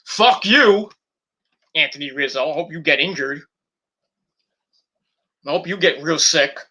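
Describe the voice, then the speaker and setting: A man's voice: on the high side, fairly even intonation, moderate pace, pushed and bright. A man hosting a podcast in a casual, rambling monologue, blunt and profane, full of fillers, talking from home at night. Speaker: podcast host.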